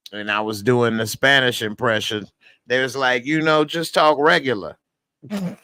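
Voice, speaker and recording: A man's voice: medium pitch, bright, forceful tone, clean tone, no room sound, studio quality. A man reviewing a TV show in a rambling, jokey casual chat. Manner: rambling, jokey, breaks into impressions.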